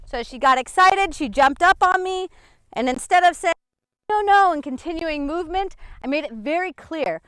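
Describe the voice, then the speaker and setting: A woman's voice: expressive, moderate pace, a bit bright, no room sound. A woman dog trainer talking outdoors while walking a dog and explaining her methods, a bit out of breath. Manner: chatty, swings up high for dog praise.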